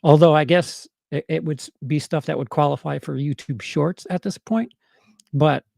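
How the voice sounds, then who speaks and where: A man's voice: a little high, normal speed, creaky, darkish tone, no echo, clean studio sound. A man with a New York accent chatting casually on a livestream, answering his chat with lots of stammered restarts and fillers.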